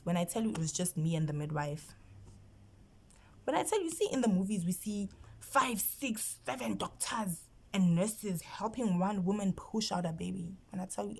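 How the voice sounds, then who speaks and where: A woman's voice: lowish voice, vocal fry, darkish tone, a little hiss or hum. A South African woman vlogger telling a personal story, emotional and often dropping into a whisper. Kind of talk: storytime vlog.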